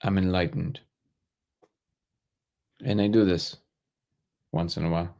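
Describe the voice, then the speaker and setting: Low-voiced man hosting a casual livestream. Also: unhurried, vocal fry. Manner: relaxed, thinks aloud, joking asides. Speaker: livestream host. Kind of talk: casual live chat answering viewer comments.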